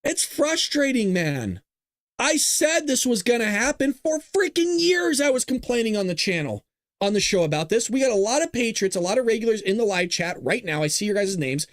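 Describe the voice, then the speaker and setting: A man with a high, sing-song voice hosts a political livestream show, ranting heatedly at a fairly quick pace with lots of swearing. He's fired up and profane, recorded in a small closet with no echo.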